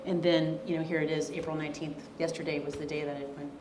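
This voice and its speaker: A woman author answering audience questions after a lecture, chatty and animated, laughing easily, in an echoey hall. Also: low voice, quick pace, noisy background. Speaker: author and guest speaker.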